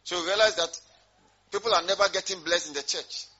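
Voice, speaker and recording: Bright-voiced preacher, dull recording. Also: male voice, high voice, brisk, slightly rough. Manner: rhetorical questions to congregation, emphatic. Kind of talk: sermon.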